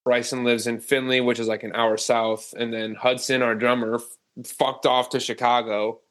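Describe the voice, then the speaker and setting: Podcast guest, young Ohio man, mid-pitched, casual and profane. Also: normal speed. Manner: relaxed storyteller, swears casually. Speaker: band member, podcast guest. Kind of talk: casual chat.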